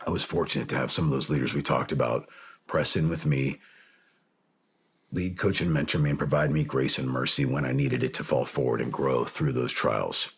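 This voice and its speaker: A man's voice: rumbling low, normal speed, a little hiss or hum. A man in his forties, a Navy officer, speaking earnestly about faith and forgiveness in a podcast interview, building to impassioned emphasis at times. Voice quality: very smooth, resonant. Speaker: podcast guest, Navy SEAL captain.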